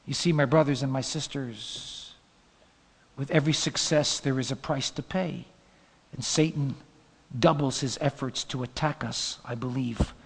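A male pastor preaching a sermon, swinging between loud emphatic peaks and low hushed asides. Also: steady tone, a little slow, creaky, breathy edge. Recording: long hall reverb.

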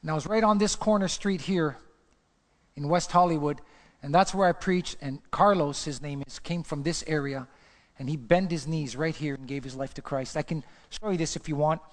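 A man preaching a sermon, telling a personal story in a lively way and jumping his voice up when he acts out what he said. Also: a little high, normal speed. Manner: animated storytelling, voice jumps up when acting out his own words. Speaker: pastor. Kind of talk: sermon testimony. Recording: long hall reverb.

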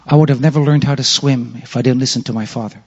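A man preaching a sermon, dramatic, moving between loud exhortation and hushed storytelling. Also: medium pitch, fairly even intonation, quick pace, slightly rough. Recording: muffled hall with long reverb, faint music.

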